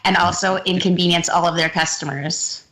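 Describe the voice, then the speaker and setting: Woman with a lowish voice co-hosting a radio chat, emphatic and defiant. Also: steady tone, brisk, fairly bright tone, low-quality recording. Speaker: co-host. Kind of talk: casual call-in radio chat.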